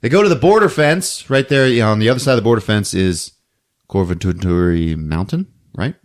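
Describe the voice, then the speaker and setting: A man hosting a podcast who recaps a movie in a casual, animated storytelling way. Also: on the low side, a little fast. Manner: animated storytelling, acting out scenes. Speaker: podcast host.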